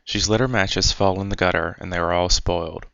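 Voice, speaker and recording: A man voicing a kind, sorrowful male statue prince who speaks gently and pleadingly. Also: sits low, fairly even intonation, fairly quick, vocal fry, no room sound. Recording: dry, dull lo-fi recording.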